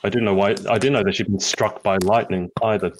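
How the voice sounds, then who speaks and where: Low-voiced man hosting a podcast. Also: quick pace, background noise. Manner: relaxed, storytelling, many fillers. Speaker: podcast host. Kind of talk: casual podcast chat.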